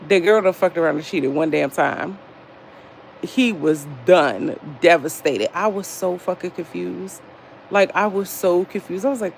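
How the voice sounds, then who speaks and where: Woman in her thirties, livestream host; gravelly, profane, chatty, talks straight to her audience. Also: a little slow, a little hiss or hum. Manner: lively storytelling, frequent jumps in pitch. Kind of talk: casual livestream chat.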